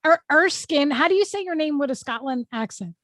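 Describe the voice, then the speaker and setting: A woman with a high, bright-sounding voice hosts a casual talk show, bubbly and quick to jump in. Her voice is close and dry, with no room sound around it. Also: expressive, no echo. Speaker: host. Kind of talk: casual interview chat.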